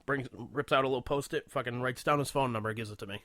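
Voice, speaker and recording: A man's voice: mid-range voice, fast talker, dry recording. A man co-hosting a radio podcast, telling a story in casual chat with frequent laughs and swearing. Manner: laughing storyteller, swears often, puts on loud impressions. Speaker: podcast co-host.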